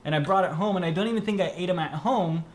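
A man's voice: sits high, quick pace. A man co-hosting a casual chat, telling a story in an exasperated way and acting out what he said. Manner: exasperated storytelling, acting out his own quoted lines. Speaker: podcast co-host.

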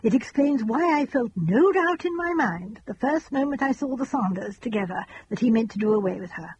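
A woman reading an audiobook, voicing a gentle, fussy elderly spinster who talks in a chatty, earnest, rambling, old-fashioned way. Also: fairly high pitch, lively intonation, normal speed, muffled recording, a little hiss or hum, close to an everyday voice.

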